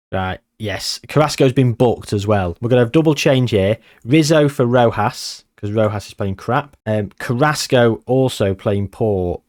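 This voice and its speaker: A man giving excitable, nervous live commentary on a game he is playing. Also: medium pitch. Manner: excitable, nervous, reacting loudly to match moments. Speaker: gaming channel host.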